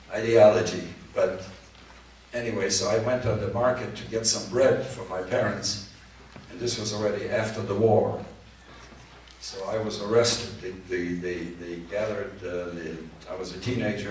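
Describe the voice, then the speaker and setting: Older man, low-pitched, earnest halting storyteller, recorded far off with faint noise. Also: heavy reverb. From Poland. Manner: halting, repeats words, earnest. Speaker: Holocaust survivor speaker. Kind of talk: personal testimony to students. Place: large hall at a community event.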